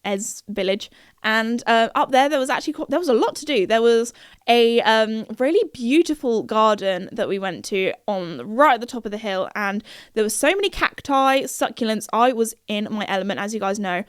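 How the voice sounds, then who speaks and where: Chatty young British woman, bright high voice. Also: smooth, dry recording, studio quality. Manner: chatty, giggly, full of fillers and restarts. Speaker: podcast host. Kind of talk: casual chat.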